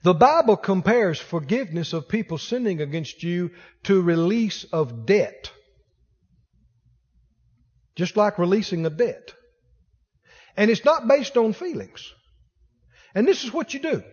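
Lively high-voiced preacher in a big hall. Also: male voice, measured pace, pauses often, slightly rough, lo-fi sound. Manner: animated preaching, acts out quoted voices. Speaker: pastor. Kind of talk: sermon.

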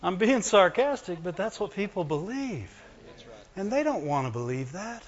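A man preaching a sermon to his church, talking conversationally, calling for amens, and swinging between loud emphasis and quiet low asides. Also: big pitch swings, measured pace. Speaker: pastor. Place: church hall. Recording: muffled lo-fi recording in a reverberant hall.

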